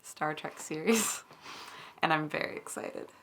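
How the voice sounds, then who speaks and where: A woman's voice: sits low, measured pace. A young woman co-hosting a hobby video, chatting casually in a playful, teasing way. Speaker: co-host of a model-kit channel. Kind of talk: casual chat.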